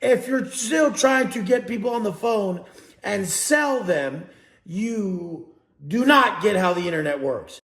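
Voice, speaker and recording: A man's voice: high voice, lively intonation, slow, a bit bright, reverberant. A man giving a blunt, profane motivational talk as a coach, preaching to his audience.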